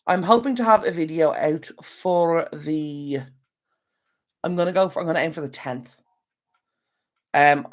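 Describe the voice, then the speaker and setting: A man's voice: a little high, creaky. A man with an Irish accent hosting a casual live stream from home, tired and yawning, rambling and talking straight to his viewers through an external microphone. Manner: rambling, chatty, talks to viewers directly. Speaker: channel host.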